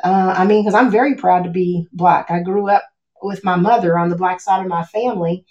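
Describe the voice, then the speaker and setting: A woman's voice: fairly low pitch, steady tone, brisk, a little mellow, highs cut off. Woman chatting as a guest at home, lots of you know and like, roomy echo. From United States. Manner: reflective, many fillers like "you know" and "like". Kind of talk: casual conversation. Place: at home with a cat.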